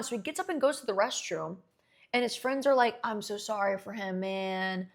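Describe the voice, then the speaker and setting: A woman in her twenties, a streamer telling a long story in casual chat, animated and swearing freely. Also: medium pitch, a little fast.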